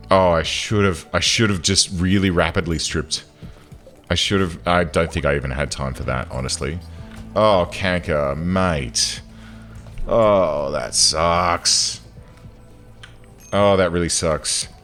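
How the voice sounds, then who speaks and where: A man with a very low voice talks through his game session in a casual, running commentary, now and then bursting out in exasperation. Faint game music plays underneath. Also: a little slow. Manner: chatty, swings into loud exasperated outbursts. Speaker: gaming channel host.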